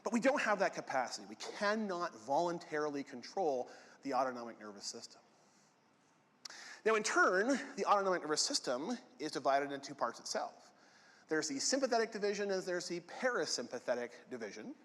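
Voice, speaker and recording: A man's voice: on the high side, sing-song, fairly quick, a bit bright. A man giving a university anatomy lecture, casual and joking, often checking in with the class by asking "right?". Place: lecture hall. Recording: long reverb of a lecture hall.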